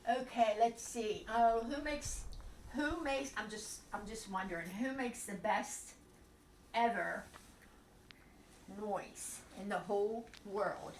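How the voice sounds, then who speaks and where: An older woman who hosts a children's bedtime story show, chatting in an animated, sing-song way with puppets. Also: mid-range voice, slow, a little hiss or hum. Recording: echoey room.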